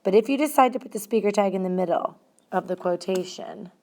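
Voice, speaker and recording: A woman teaching a grammar lesson at a measured, deliberate pace. Her pitch sits in a middle range. She stresses single words as she walks through each rule. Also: dark tone.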